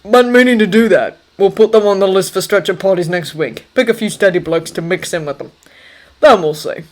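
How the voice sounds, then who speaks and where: A woman's voice: mid-range voice, brisk, natural voice. A woman reading a story aloud, voicing a blunt, hard-drinking male master sergeant who swears constantly. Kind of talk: audiobook character voice.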